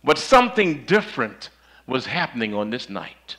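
A man preaching a sermon, telling a story in a dramatic way that swings from loud to hushed, on a microphone that cuts in and out. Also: mid-range voice, sing-song, moderate pace, rough recording. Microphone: handheld or stand mic that cuts out.

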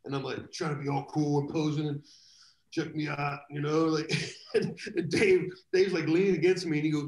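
A man's voice: on the high side, brisk. Rambling man in a roomy echo. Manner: animated, rambling anecdotes with laughs. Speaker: guest drummer. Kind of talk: casual storytelling in a live video chat. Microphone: video call.

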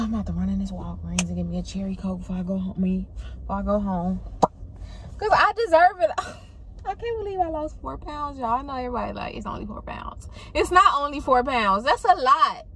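A woman's voice: on the high side, big pitch swings, normal speed, a bit bright, slightly rough. A woman vlogging casually from her car, candid and profane, slipping into playful voices.

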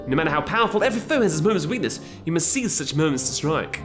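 A man voicing an old male mentor warrior who lectures briskly and a little mockingly. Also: fairly high pitch, sing-song, music in the background.

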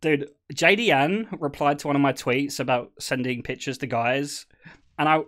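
A man's voice: mid-range voice, moderate pace. A man, a streamer telling stories in casual chat, swearing and breaking into laughter. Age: 20s. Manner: animated storytelling, swearing and bursting into laughter.

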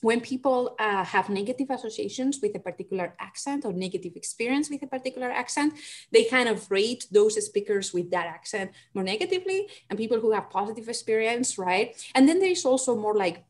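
A woman from Spain speaks English with a Spanish accent, her first language being Spanish. She answers audience questions as a psychology professor, animated and explanatory. She often checks in with a quick "right?". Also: mid-range voice. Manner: animated, frequent "right?" tags. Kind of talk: lecture Q&A answers.

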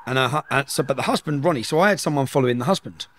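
A man's voice: medium pitch, very fast, a little hiss or hum. A middle-aged man, telling a story at speed in an interview and acting out the dialogue. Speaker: guest.

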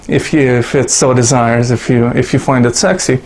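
A Russian-born man rambles through casual commentary for his online audience. He is sarcastic and profane, with frequent self-mocking asides. His pitch sits in an ordinary middle range for a man. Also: fairly even intonation, moderate pace, hardly any pauses, darkish tone. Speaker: YouTube commentator.

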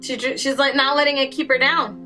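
Bright-voiced woman gushing over a video. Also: high voice, fairly even intonation, fairly quick, faint music behind. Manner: exclamatory, gushing reactions. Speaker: reaction channel host. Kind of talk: casual reaction commentary.

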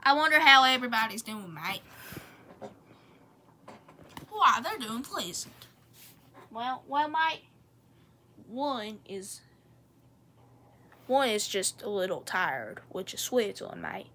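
A woman's voice: a little high, big pitch swings, measured pace, pauses often, bright, forceful tone, full character voice. A woman playing the country Australia as a character in a playful home role-play, rambling and ending nearly every sentence with "mate". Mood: chatty.

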